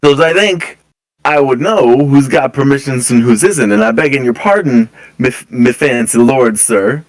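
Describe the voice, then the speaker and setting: A man's voice: mid-range voice, animated, moderate pace, voice pushed up, close to an everyday voice. A man voicing a burly, stubborn, uneducated male gate guard who blusters in rustic broken grammar in a tabletop game. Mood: blustering.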